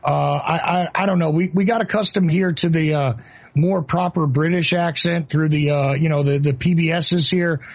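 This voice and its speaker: A man's voice: fairly high pitch, fairly even intonation, moderate pace, muffled recording. A man from New Jersey with a New Jersey accent, hosting an interview in a rambling, casual way full of fillers and restarts. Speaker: host.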